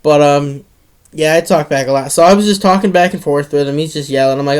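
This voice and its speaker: A man's voice: fairly high pitch, a little fast, clean tone. A teenage boy telling a story in a casual monologue, rambling with many restarts and some swearing.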